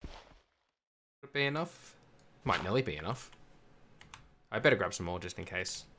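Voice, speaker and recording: A man's voice: fairly low pitch, lively intonation, measured pace, pushed and bright, a little hiss or hum. A man casually narrating his own gameplay, talking himself through each step with dry self-mocking asides. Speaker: gamer streaming a survival server. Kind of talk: casual let's-play commentary.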